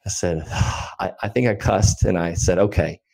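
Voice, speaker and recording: Lowish guy on a podcast telling a story, does the voices of the people in it. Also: a little fast, vocal fry. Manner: animated storyteller acting out dialogue. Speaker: podcast guest, land investor. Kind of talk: storytelling in an interview.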